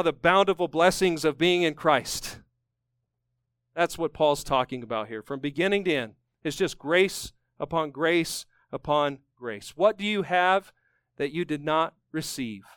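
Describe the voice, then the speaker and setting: A man preaching a sermon, emphatic and fervent, climbing to strong peaks and dropping low to close each point. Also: a little slow, fairly bright tone, smooth, no echo. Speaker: pastor.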